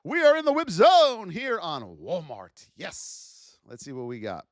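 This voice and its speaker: A middle-aged man with a high-pitched voice hosts a live trading stream, offering chart commentary at a measured pace. He's animated and shouts out to viewers in the chat. The recording is dry and studio-clean.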